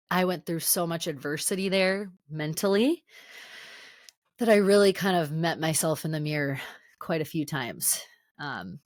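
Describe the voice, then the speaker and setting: A woman hosts her own podcast alone and talks in a loose, rambling way, often correcting herself mid-sentence. Her voice sits a little low for a woman. The sound is close and dry, with no room echo. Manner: chatty, self-correcting storyteller with lots of fillers. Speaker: podcast host. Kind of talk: solo podcast monologue.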